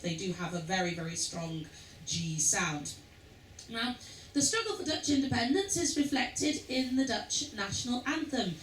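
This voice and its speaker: A woman giving an informal history talk to cruise passengers, chatty and asking the audience questions. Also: a little high. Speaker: cruise lecturer. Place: lounge aboard a river cruise ship. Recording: roomy, distant, faint background noise.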